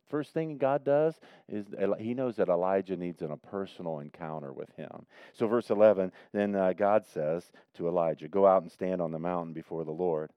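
A man preaching a sermon in a church, swinging between loud emphatic questions and soft, quiet prayer. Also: sits low, clear, resonant tone, no room sound, muffled recording. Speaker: pastor.

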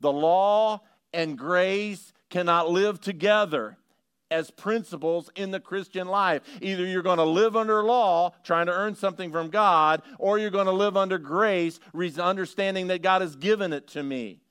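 A middle-aged man preaches in a smooth, resonant voice that sits a little high. He drops low for stories, then climbs into emphatic, questioning bursts. The sound is dry and close. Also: normal speed, no room sound. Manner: animated preaching, swings from quiet storytelling to rising emphatic questions. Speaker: pastor. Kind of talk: sermon.

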